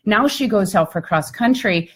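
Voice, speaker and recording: A woman coach and speaker shares a story during a live video chat, chatty and lively, with frequent "like" and "I mean." She speaks at a moderate pace in a mid-range voice that has a breathy edge.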